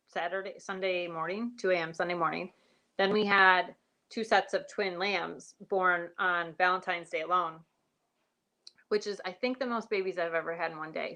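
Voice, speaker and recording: Chatty woman farmer with a bright voice. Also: lowish voice. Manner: chatty and rambling, greets viewers by name. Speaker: sheep and goat farmer hosting a livestream. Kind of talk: casual live-stream chat.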